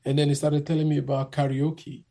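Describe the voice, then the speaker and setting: A man telling a rambling, animated story in a casual interview, acting out the people in it. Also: fairly high pitch, fairly quick. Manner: rambling, animated, acts out the people in his stories.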